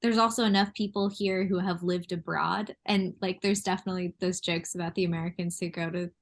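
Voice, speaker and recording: A woman's voice: lowish voice, fairly even intonation, a little fast. A woman guest on a podcast, chatting casually and thoughtfully about everyday life, laughing often. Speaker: artist and designer, podcast guest. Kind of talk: casual chat. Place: New York.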